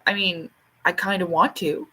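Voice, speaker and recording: A woman's voice: on the low side, fairly even intonation, normal speed, bright, forceful tone, breathy edge. Chatty woman livestreaming over dinner. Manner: rambling, laughs often, swears casually; reads out and answers viewer comments. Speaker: livestream host. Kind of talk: casual chat on a livestream.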